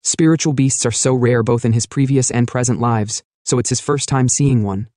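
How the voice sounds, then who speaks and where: A man narrating a comic recap in a steady storytelling manner, reading the lines of the characters in his own voice. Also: mid-range voice, normal speed, no echo, studio quality.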